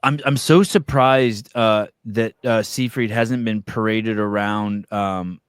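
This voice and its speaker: A man's voice: fairly low pitch, steady tone, slow, clear, resonant tone, dry recording, clean studio sound. A man hosting a podcast interview, asking questions in a rambling way with frequent fillers and restarts. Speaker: podcast host. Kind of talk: conversational interview.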